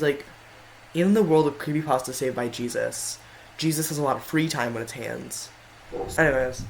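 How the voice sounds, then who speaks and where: A man's voice: fairly high pitch, a little hiss or hum, poor audio. A man giving casual tier-list commentary in a rambling way, often stopping to correct himself. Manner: rambling, frequent self-corrections. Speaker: video creator.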